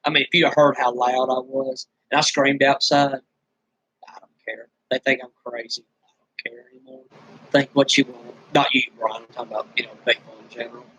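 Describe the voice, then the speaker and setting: A man's voice: mid-range voice, level tone, brisk, fairly bright tone, breathy edge, low-quality recording. A man vlogging and venting his frustrations, weary and bitter, rambling with many restarts, his throat dry from screaming earlier. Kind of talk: venting straight to camera.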